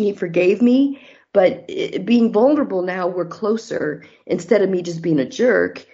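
Mellow-voiced married woman telling stories. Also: mid-range voice, unhurried, dull audio. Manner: candid, storytelling, faith-based. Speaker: guest. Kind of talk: casual interview talk.

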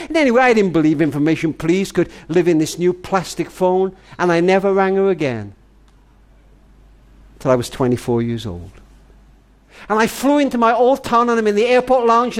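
A man telling a long tender story on a family radio program, addressing the listener as "darling" and slowing right down to hushed words for emphasis. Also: sits high. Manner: tender, dramatic storyteller, often says "darling"; slows and drops to near-whisper for emphasis. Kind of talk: storytelling talk.

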